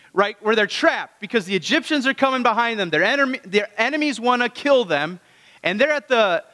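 A man's voice: high-pitched, sharp tone, big-room sound. A man preaching a conversational sermon. He keeps asking the congregation rhetorical questions. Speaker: pastor.

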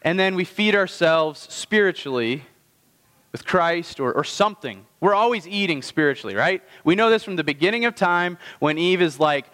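A man preaching a sermon, chatty and casual, then slowing down to stress key phrases. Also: sits high, animated, fairly bright tone. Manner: conversational preaching with slow emphatic phrases. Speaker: pastor. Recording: long hall reverb.

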